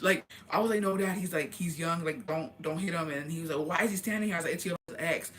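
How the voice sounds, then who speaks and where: A young woman vlogger telling a casual storytime gossip tale, animated and profane, acting out the dialogue she quotes. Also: lowish voice, quick pace, hardly any pauses.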